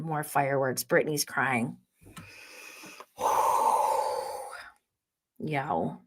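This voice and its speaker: A woman's voice: low voice, expressive, takes it slowly, long pauses, sharp tone. A young woman hosting a live show, chatting and giggling as she recaps reality TV and reads viewer comments aloud. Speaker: host.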